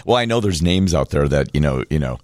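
Deep-voiced radio host, dry studio. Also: male voice, lively intonation, fairly quick, darkish tone, dry recording. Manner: friendly, easygoing questions. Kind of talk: casual radio interview.

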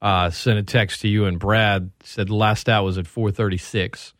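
A man's voice: lowish voice, little pitch movement, moderate pace, a bit bright, no room sound, clean studio sound. A man co-hosting a sports radio show, speaking in a conversational, easygoing way. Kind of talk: casual sports talk.

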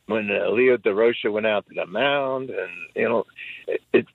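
A gravelly-voiced man calls in to a radio show and reminisces, halting and restarting often. He sounds dry and tinny, as over a phone line. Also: lowish voice, no echo. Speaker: caller.

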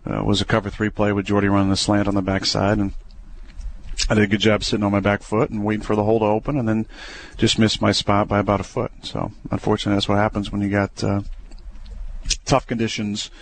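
Low-voiced man, relaxed and halting. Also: slight background noise. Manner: relaxed, hesitant, many fillers and restarts. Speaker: football quarterback. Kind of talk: casual radio interview.

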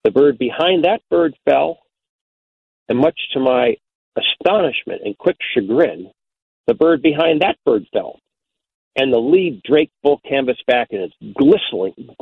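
A man's voice: medium pitch, animated, a little slow, creaky, husky. An older man, a radio outdoors host, telling a hunting story in a folksy way, often repeating words as he searches for them. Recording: tinny phone-like dry sound.

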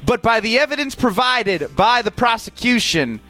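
A man's voice: very high voice, animated, normal speed, sharp tone, faint music behind. Rambling earnest man on sports radio. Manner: rambling, earnest, self-deprecating. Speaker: radio co-host. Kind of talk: comedic sports talk.

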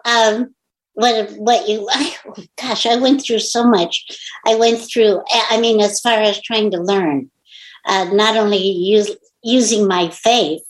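A woman's voice: mid-range voice, low-quality recording. A middle-aged woman, an author being interviewed, telling a personal story in casual conversation and acting out the quoted lines. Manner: animated storyteller who acts out quoted dialogue.

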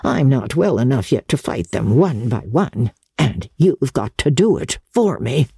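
A reader putting on a sly, domineering old grandmother from an audiobook, pitched up and archly theatrical. The delivery is slow and unhurried and swoops widely in pitch. The tone is mellow, with a husky edge. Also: sing-song, no room sound, clean studio sound, exaggerated voice. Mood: coaxing. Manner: coaxing, archly theatrical, higher voice. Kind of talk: audiobook character voice.

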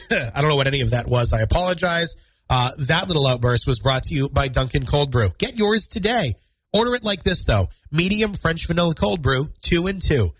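Congested, husky-voiced male radio host. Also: fairly high pitch, lively intonation, normal speed, a bit bright, low-quality recording. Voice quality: nasal, congested. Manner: chatty and self-deprecating, rambling. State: stuffy nose and scratchy throat from a cold. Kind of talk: solo morning radio talk. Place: radio studio. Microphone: studio microphone.

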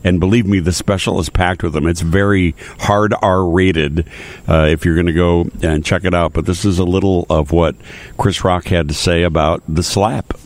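A man hosting a radio show, chatting casually and speaking haltingly with frequent pauses and restarts. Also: low voice, fairly even intonation. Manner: hesitant, many uh fillers and restarts. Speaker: radio host.

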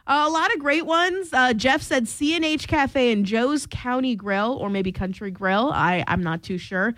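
Young woman radio cohost, kinda high voice, giggly and chatty, dry close studio mic. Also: measured pace, fairly bright tone, dry recording. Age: 20s. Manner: giggly, chatty, lots of fillers. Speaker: radio morning show co-host. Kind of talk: casual radio banter.

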